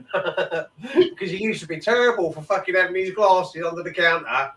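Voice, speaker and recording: A man's voice: high-pitched, moderate pace, fairly bright tone. A man telling rambling, swear-filled stories in casual chat. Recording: echoey room, mic far off.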